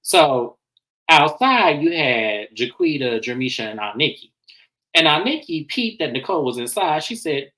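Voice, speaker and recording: A man casually recapping and reviewing a reality TV episode, animated and slangy, acting out what people said. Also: a little high, moderate pace, poor audio. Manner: animated, acts out quotes, slangy.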